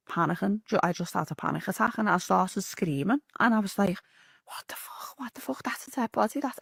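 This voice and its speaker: A woman with a Scouse accent tells a story in a loose, rambling way, swearing freely as she goes. Her voice has a gravelly fry. The recording is dry and close. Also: fairly low pitch, no echo. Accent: Liverpool (Scouse). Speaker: interview guest telling a story. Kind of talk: casual storytelling.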